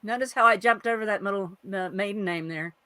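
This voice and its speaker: A woman co-hosting a genealogy livestream over a video call, chatting casually and greeting viewers by name with lots of quick asides. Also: mid-range voice, bright, forceful tone, no room sound. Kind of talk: casual chat.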